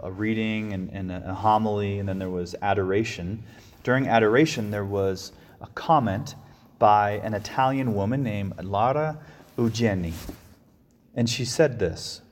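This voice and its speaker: A preacher with a lowish, slightly mellow voice gives a reflective sermon, and a long reverb tail trails his words. He often restarts and repeats his phrases.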